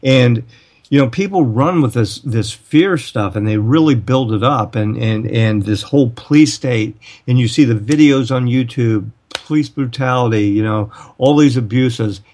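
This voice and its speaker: A man's voice: medium pitch, normal speed, darkish tone. Rambling male radio host. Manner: rambling, repeats words, acts out quoted dialogue. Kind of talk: casual radio talk.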